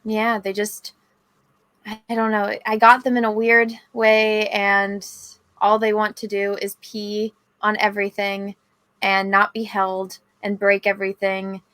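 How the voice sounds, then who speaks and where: Woman podcast co-host, bright forceful tone, animated storyteller. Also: mid-range voice, measured pace, no echo. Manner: animated storytelling with excited quoted asides. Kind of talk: casual chat.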